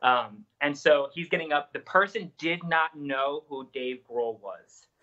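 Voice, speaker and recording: A man on a pop culture podcast telling an excited story over a remote link. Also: a little high, measured pace, highs cut off, a crowd in the background. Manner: excited, quotes people in dialogue. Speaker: co-host. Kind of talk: casual storytelling.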